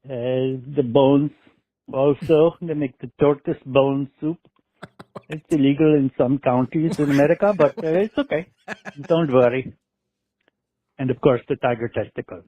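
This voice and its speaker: A man's voice: mid-range voice, a little slow, dry recording, close to an everyday voice. A male caller putting on an Indian accent to play a man hawking exotic remedies in a pleading sales patter. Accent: put-on Indian accent. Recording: tinny dry phone line.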